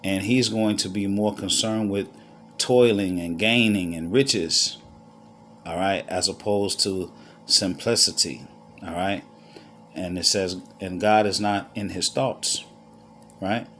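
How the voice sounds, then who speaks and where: Low-voiced man teaching scripture. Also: steady tone, fairly bright tone, slight background noise. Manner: checks in often with "all right?" and "okay?"; unhurried with pauses. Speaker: Bible teacher. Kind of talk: scripture lesson.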